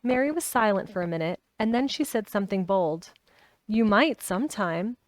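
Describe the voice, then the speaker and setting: A woman reading a children's novel aloud in steady storybook narration, with a few small restarts. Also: medium pitch, a little fast, no room sound. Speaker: reader.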